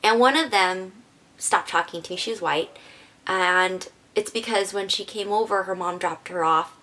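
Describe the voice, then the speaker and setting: A woman's voice: medium pitch, moderate pace, sharp tone. A woman beauty vlogger telling an emotional personal story to her viewers in a casual, rambling way. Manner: casual, rambling, heavy use of "like"; earnest, emotional.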